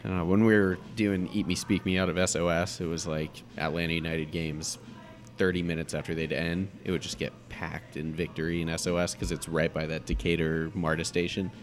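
A man's voice: low-pitched, level tone, brisk. A young man hosting a casual chat, asking questions and cracking teasing one-liners. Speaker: podcast host.

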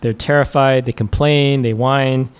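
A man's voice: medium pitch, fairly even intonation, unhurried, smooth. A man preacher giving a casual, conversational sermon, chuckling often and using many fillers.

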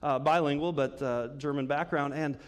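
A man's voice: on the high side, fairly even intonation, normal speed. A man preaching a conversational sermon as pastor, asking the congregation questions and laughing often. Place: church sanctuary. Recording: long reverb of a church hall.

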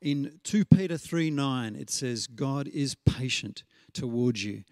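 A man's voice: mid-range voice, expressive, a little mellow, dry recording. Preacher, male, mid-range voice, chatty sermon delivery with fillers and restarts, close dry sound. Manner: conversational storytelling with frequent fillers and restarts; slows down to stress scripture references.

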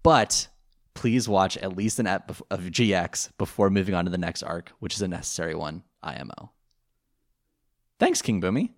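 A low-pitched man speaking at a moderate pace co-hosts a casual podcast from home. His talk rambles, heavy with fillers and restarts, and laughter comes easily to him.

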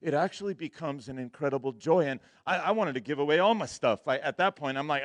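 A man's voice: on the high side, brisk, hardly any pauses, dry recording, clean studio sound. A young man telling a personal story in a sermon, casual and slangy, laughing often and acting out his own lines. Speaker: preacher.

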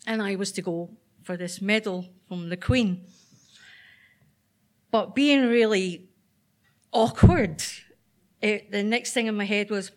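A Northern Irish woman telling a true personal story on stage at a live event, chatty and self-deprecating with frequent ums. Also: mid-range voice.

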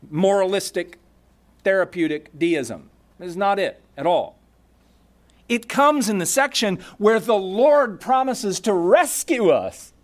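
A man preaching a sermon, emphatic, asking the congregation rhetorical questions and reading scripture aloud. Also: sits high. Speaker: pastor.

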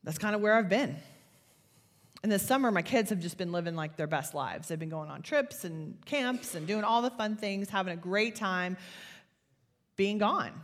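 A woman's voice: medium pitch, lively intonation, moderate pace. A middle-aged woman gives an earnest, confessional faith talk to an audience. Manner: earnest, confessional, builds to fervent. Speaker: speaker. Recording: long hall reverb.

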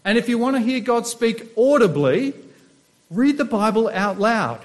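A man's voice: very high-pitched, sing-song, a little slow. A middle-aged man, a pastor, preaching a sermon and asking his listeners questions as he teaches. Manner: asks the congregation rhetorical questions.

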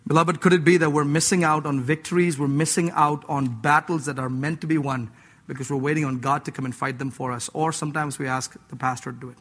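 A male preacher giving an animated, playful sermon, acting out voices, laughing and mixing scripture with casual slang. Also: a little high, quick pace, breathy edge. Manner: mixes scripture with slang like "dude".

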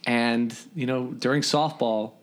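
A man's voice: medium pitch, a little slow. A man in his forties, a podcast guest, telling old camp stories in a casual chat, laughing often and filling gaps with ums. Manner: animated storyteller, laughs through anecdotes, many fillers. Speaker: podcast guest, former camper and counselor.

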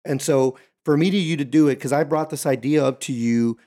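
An American man hosting a casual chat, telling travel stories with animated energy and speaking straight to listeners. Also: fairly high pitch, fairly quick. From United States. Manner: animated storytelling, addresses listeners directly.

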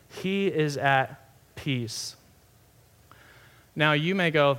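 A young man, a pastor, giving a sermon in a conversational, animated way with many asides. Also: on the high side, takes it slowly, pauses often.

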